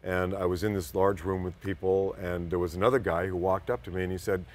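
A man's voice: deep voice, fairly even intonation, a little fast. An older man being interviewed as a guest, telling long, rambling anecdotes and acting out other people's voices. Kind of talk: casual storytelling interview.

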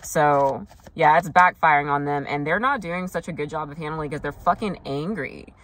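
A woman's voice: low-pitched, moderate pace, fairly bright tone. Rambling woman giving a tarot reading. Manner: rambling, filler-heavy, frank with swearing. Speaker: tarot reader. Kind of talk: casual tarot reading to camera.

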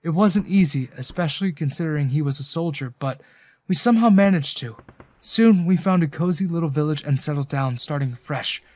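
A man's voice: on the high side, brisk, a little mellow, no room sound. A man narrating a first-person romance story in an earnest, emotional manner.

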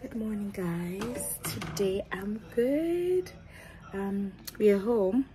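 A woman's voice: mid-range voice, slow pace, mellow, rough recording. A woman vlogging in a casual, chatty way, talking straight to her viewers. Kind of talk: casual vlog chat to camera.

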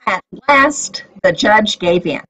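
A woman telling a Bible story to children as a teacher, with expressive storytelling. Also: mid-range voice, slow pace, poor audio.

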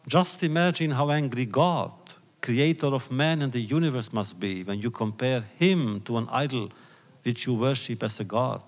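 Man lecturing slowly in a reverberant hall. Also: medium pitch. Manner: slow, deliberate, reflective storytelling. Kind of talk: public lecture retelling rabbinic stories.

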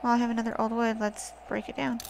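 Wearing a wrist brace, a gaming channel host casually commentates her gameplay, swearing often and talking back to the zombies. Her slightly high, creaky voice is quick and fairly flat, in a noisy home recording.

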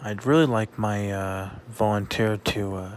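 A man talking casually in a vlog, halting often with fillers and restarts. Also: fairly low pitch, fairly even intonation, a little hiss or hum. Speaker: vlogger.

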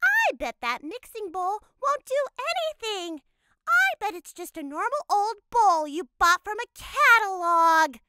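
An eager, candy-greedy little girl twin from a cartoon, as a woman acts her out. Her voice is very high and bright, full of excited exclamations and big swoops in pitch. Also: measured pace, heavily acted.

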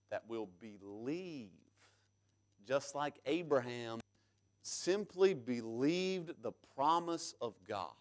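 Male pastor in church, fairly high voice, loud bursts then hushed lines. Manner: preaching with loud emphatic peaks and sudden quiet drops; reads scripture aloud in King James English. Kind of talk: sermon.

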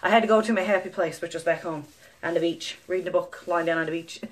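A woman's voice: fairly low pitch, fast. A young woman from Newfoundland with a thick Newfoundland accent, chatting casually to camera as a mother. She rambles through stories, swears freely and breaks into laughter often. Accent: Newfoundland English. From Newfoundland, Canada. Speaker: vlogger, mother. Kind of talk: casual chatty vlog monologue.

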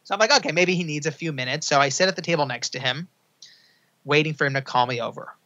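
A young man, an author guest on a podcast, telling a story with energy and acting out the quoted lines in a higher, excited voice. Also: fast talker. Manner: acts out quotes in a high excited voice. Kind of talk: animated storytelling. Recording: dull lo-fi sound.

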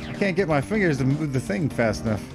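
Excitable guy playing a game live, keeps panicking and talking to himself, music going behind. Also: fairly high pitch, fast. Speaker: let's play host.

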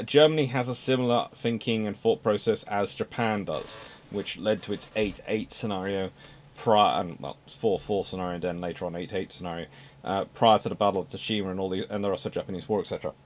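A man giving an unscripted naval history talk, emphatic, repeating words for stress and adding dry asides. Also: lowish voice.

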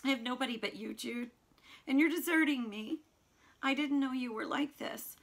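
A woman doing a frantic pleading young woman. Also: measured pace. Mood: tearful. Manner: high, loud, tearful pleading. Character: distraught young woman pleading with her lover.

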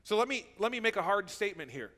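Guy preaching a sermon, high sharp voice, long church reverb, keeps asking okay?. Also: big pitch swings, fast talker. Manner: conversational preaching, checks in with "okay?". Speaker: pastor. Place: church sanctuary.

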